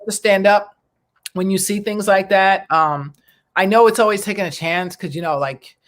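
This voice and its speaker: A middle-aged woman from the New York area hosting a talk show, telling stories in a lively, animated way. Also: mid-range voice, normal speed. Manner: animated storyteller who acts out quoted voices. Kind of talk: casual chat, storytelling.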